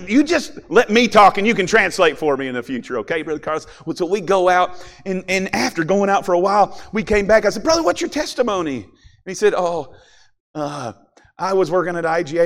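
A middle-aged man preaching a sermon, telling stories with big swings from shouting to quiet. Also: a little high. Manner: animated storytelling, swings from shouting to soft.

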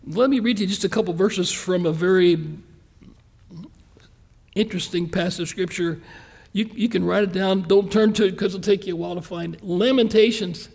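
Pastor, man, high voice, folksy earnest sermon, slows for emphasis. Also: vocal fry, darkish tone. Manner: folksy, earnest preaching with quick asides and slow emphatic stresses.

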